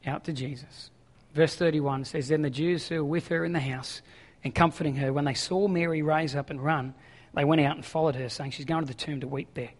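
Male pastor, sermon, high-pitched voice, long reverb from a large hall, moves between reading scripture and pressing paraphrase. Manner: reads scripture aloud, then paraphrases it in an urgent, conversational voice.

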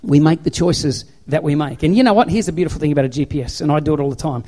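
A man's voice: fairly high pitch, racing, warm tone. A man preaching a sermon into a handheld microphone to an audience, in an emphatic, repetitive exhorting manner. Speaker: pastor.

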